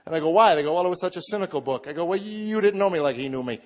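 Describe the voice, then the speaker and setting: Delivering a testimony to an audience, this middle-aged male comedian talks at a rapid-fire clip, his voice trailing into a long reverb. His sentences frequently open with repeated words, and his mood climbs from quiet and subdued to shouting excitement.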